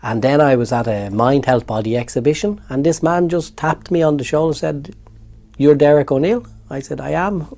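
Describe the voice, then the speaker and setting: Man, Irish accent, mellow warm voice, animated interview storytelling. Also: a little high, brisk. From Ireland. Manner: animated storyteller, repeats words when excited. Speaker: interview guest.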